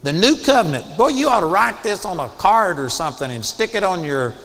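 A man preaching a sermon, earnest and emphatic, drops into quiet storytelling, then builds back up to raised exhortation. His voice sits somewhat high for a man. It rings out with a long hall reverb. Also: very animated, brisk, creaky.

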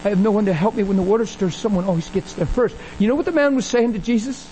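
High-voiced, animated male preacher. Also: fast, slight background noise, poor audio. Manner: animated, acts out dialogue, rises in pitch when excited. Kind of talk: sermon with storytelling.

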